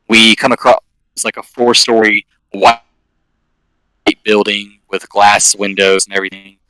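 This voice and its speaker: A man narrates a tabletop game as its game master. His voice is bright and a little forceful, sitting on the low side, and it sounds dry and close. He rambles casually and fills the gaps with "um" and "like". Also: smooth, dry recording, low-quality recording.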